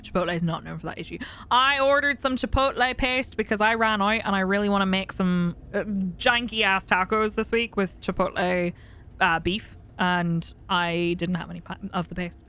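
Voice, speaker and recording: A woman's voice: medium pitch, normal speed, pushed and bright, clear, resonant tone. A young woman streamer chatting casually with her live chat, laughing often and greeting viewers by name.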